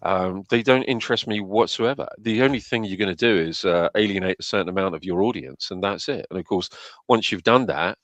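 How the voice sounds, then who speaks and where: A man's voice: low voice, brisk, hardly any pauses, no echo. A man co-hosting a podcast who gives opinionated commentary in casual chat, hesitating with fillers. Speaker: podcast co-host.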